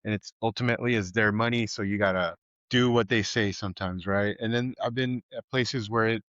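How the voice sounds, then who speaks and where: A low-pitched man talking as a chef guest on a podcast, easygoing and chatty. His voice comes through a little dull and lo-fi, with a dry, close sound. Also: fairly quick, no room sound. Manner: relaxed, laid-back talk with easy laughs. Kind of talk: casual podcast chat.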